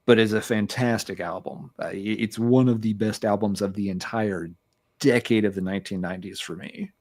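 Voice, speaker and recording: A man's voice: lowish voice, fairly even intonation, normal speed, darkish tone. A man co-hosting a music podcast, chatting casually and rambling with many fillers and restarts. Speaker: podcast co-host. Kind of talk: casual music review chat.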